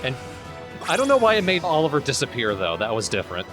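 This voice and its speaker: A man's voice: medium pitch, fast. A man hosting a let's play, cracking jokes and explaining what happened in the game. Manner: wisecracking, deadpan jokes, explains mechanics. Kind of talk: casual gameplay commentary. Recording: game music in background.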